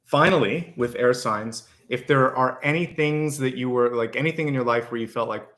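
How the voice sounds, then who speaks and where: A man's voice: medium pitch, moderate pace, few pauses, fairly bright tone. A man giving a weekly tarot and astrology reading, speaking directly to his viewers in a reassuring, conversational way. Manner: conversational, with fillers and restarts. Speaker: tarot reader.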